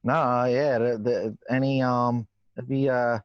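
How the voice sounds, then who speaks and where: A man's voice: medium pitch, fairly even intonation, a little slow, smooth, no echo, natural voice. A man playing a nervous, rambling working-class guy, stammering and swearing casually in a comedy interview. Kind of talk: improvised comedy character interview. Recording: dull lo-fi dry sound.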